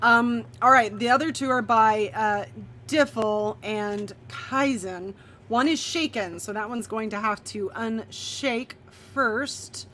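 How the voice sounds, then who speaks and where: Bright-voiced woman running a tabletop game. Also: a little high, a little hiss or hum. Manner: bright, laughing and quick between dice rolls. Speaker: game master.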